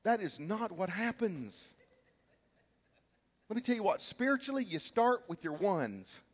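A man preaching a sermon as a pastor, telling stories and acting out shouts and quotes with lively energy. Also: high voice, a little slow, long reverb tail. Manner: animated, storytelling, acts out shouts and quotes. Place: church sanctuary.

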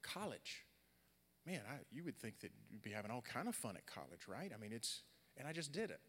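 A young adult man preaching a sermon, swinging from loud, animated storytelling to quiet, earnest talk. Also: medium pitch, a little fast, husky. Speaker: pastor. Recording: long hall reverb.

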